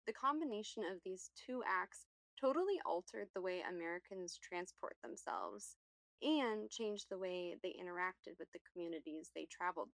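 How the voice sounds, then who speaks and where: A woman's voice: mid-range voice, creaky, a bit bright. A woman reading a scripted personal essay in a reflective, wry manner. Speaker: contributor.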